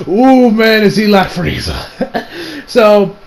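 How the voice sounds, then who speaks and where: Excitable male anime reviewer with a high voice, casual and profane. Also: takes it slowly, vocal fry, slight background noise, low-quality recording. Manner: excitable, swears freely, laughs often. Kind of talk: casual episode recap.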